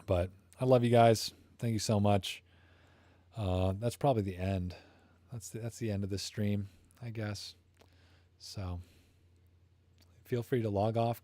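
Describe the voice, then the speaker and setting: A man's voice: mid-range voice, mellow, no echo. A young man chatting casually on a live stream, rambling and joking around, his voice tired. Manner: goofy, rambling, self-promoting banter. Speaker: YouTube streamer. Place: small room at home.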